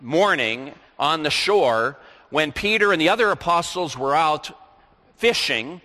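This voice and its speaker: Male preacher, sermon delivery, bright and forceful voice, long reverb of a large hall. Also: on the high side, animated, unhurried. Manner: reads scripture aloud, then explains it.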